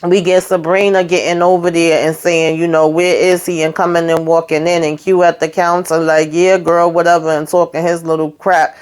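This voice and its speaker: A woman's voice: on the low side, flat delivery, moderate pace, few pauses, a little mellow, smooth. A woman hosting a casual TV recap, chatty and slangy, talking straight to her viewers and acting out the characters' lines as she goes. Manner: acts out characters' lines while retelling. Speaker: YouTube host.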